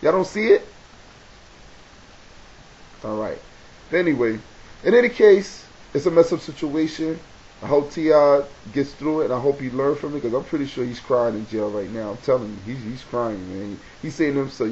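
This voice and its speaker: A man with a New York accent lectures his viewers in a loose, animated vlog, driving his points home by saying them again. His voice sits at an ordinary pitch. The audio is dull and low-fidelity, with a faint hiss under it. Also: normal speed. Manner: animated, preachy, repeats himself for emphasis. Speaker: video blogger. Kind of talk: casual advice monologue to camera.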